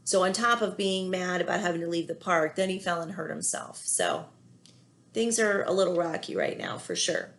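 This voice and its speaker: A woman teacher reading a children's picture book aloud, pausing often to gently explain feelings to young listeners. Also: on the low side, expressive. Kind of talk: children's read-aloud with commentary.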